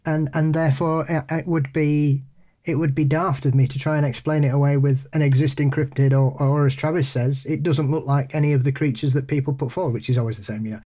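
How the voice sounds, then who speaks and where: A man co-hosting a podcast in casual chat, halting and repeating his words, often laughing. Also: on the high side, fairly even intonation, dark tone. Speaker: podcast co-host. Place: pub.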